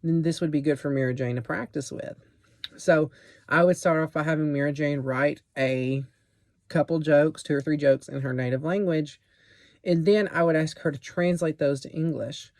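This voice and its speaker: Mellow-voiced young man explaining a lesson plan. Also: a little high, moderate pace, no room sound, studio quality. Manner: casual, explanatory, many fillers and restarts. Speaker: student presenting a teaching plan. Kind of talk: recorded class presentation.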